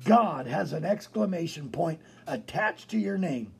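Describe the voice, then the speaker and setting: A man preaching a broadcast sermon as pastor, animated, repeating phrases for emphasis. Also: fairly high pitch, a little slow, vocal fry, slightly rough.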